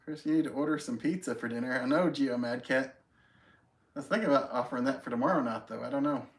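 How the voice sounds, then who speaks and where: A man's voice: mid-range voice, fast. Friendly man hosting a casual live stream. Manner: friendly, greets viewers by name, self-deprecating. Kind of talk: casual chat reading viewer comments.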